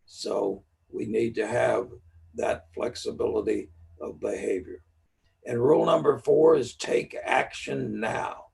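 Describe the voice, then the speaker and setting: A man's voice: mid-range voice, takes it slowly, a little mellow, far from the mic, rough recording. A man teaching neurolinguistic programming in a live-streamed lecture, explaining his points with stories and repeating the key ideas. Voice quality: gravelly and husky. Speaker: NLP teacher.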